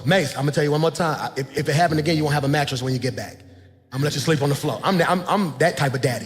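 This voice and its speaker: Man, 40s, pastor preaching, soft to shouting, echoing church hall. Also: a little high, racing. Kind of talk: sermon. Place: church sanctuary. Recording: long hall reverb, faint music.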